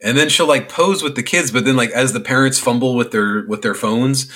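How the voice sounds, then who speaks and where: A man's voice: medium pitch, fairly quick, sharp tone. A man co-hosting a podcast in casual chat, telling wry stories and tossing teasing jabs. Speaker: podcast co-host.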